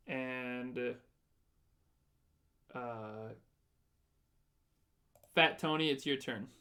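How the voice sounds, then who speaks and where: A man's voice: mid-range voice, drawn-out words, pushed and bright. A man running a tabletop game as game master, narrating the action and explaining the rules as he goes.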